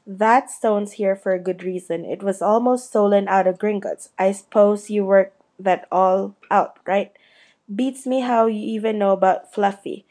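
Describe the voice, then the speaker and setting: A woman reads as a big, gruff male groundskeeper, slow and homely as he chats away proudly. The voice is mellow and dark, with an even, middling pitch for a woman. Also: lightly acted. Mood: proud, chatty.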